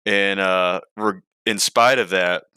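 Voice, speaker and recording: A man's voice: sits low, fairly even intonation, slow pace, sharp tone, clean tone, no room sound, studio quality. A man with a Southern Alabama accent, co-hosting a casual podcast chat and laughing often at himself. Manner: laughs often, self-deprecating. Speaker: podcast co-host.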